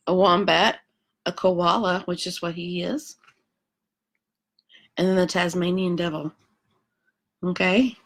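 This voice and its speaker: A woman's voice: lowish voice, a bit bright. A woman teacher talking to kids and parents before a read-aloud lesson, chatty with many ums.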